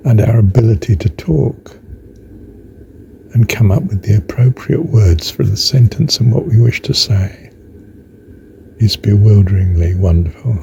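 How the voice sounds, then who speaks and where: Deep, mellow older man musing slowly. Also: creaky, a little hiss or hum. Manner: slow, musing, halting with fillers and soft whispered asides. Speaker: speaker on faith. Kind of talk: reflective spoken meditation.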